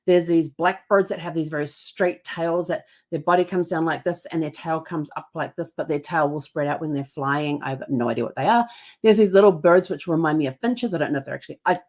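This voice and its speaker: A woman's voice: sits low, a little fast, a little mellow. A woman podcast host telling a casual story, rambling along with many restarts and fillers.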